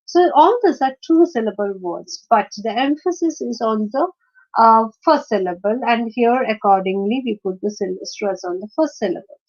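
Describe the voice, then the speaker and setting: A woman lecturing on word stress, hesitating often and slowly sounding out example words. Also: a little high, a little mellow, dull audio. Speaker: teacher.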